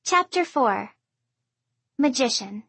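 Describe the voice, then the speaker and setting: A woman narrating a first-person audiobook in an even storytelling delivery. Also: high voice, slow, slightly rough, no echo.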